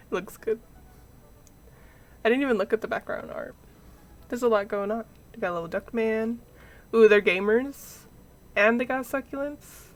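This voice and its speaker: A woman's voice: on the high side, normal speed, pauses often. A young woman streaming a game, making playful, giggly asides as she plays. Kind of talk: casual gameplay commentary.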